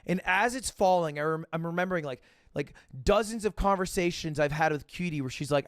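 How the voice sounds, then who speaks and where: A young man telling a story in a casual monologue, profane and animated, acting out both sides of the phone calls he recounts. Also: fairly high pitch, fairly quick, few pauses, no echo, clean studio sound.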